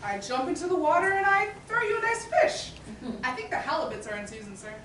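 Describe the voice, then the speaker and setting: A woman's voice: extremely high pitch, very animated, brisk, fairly bright tone, a little hiss or hum, full character voice. A woman playing a brash street performer who hustles passersby on stage, with a sly, wheedling sales patter. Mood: salesy. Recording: echoey hall from far off.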